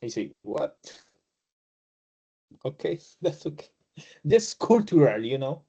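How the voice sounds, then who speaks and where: A man teaching English as a second language, a Spanish native speaker who explains with halting restarts and fillers, and laughs when he acts out greetings. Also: on the high side, big pitch swings, dark tone, husky, highs cut off. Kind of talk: casual online class explanation.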